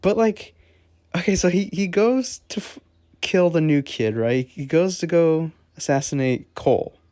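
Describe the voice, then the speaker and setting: A man's voice: on the high side, measured pace, a little mellow, no echo, clean studio sound. A man co-hosting a casual, rambling movie review, full of fillers and frequent laughter. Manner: rambling, lots of 'like', laughs often. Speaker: film reviewer, co-host.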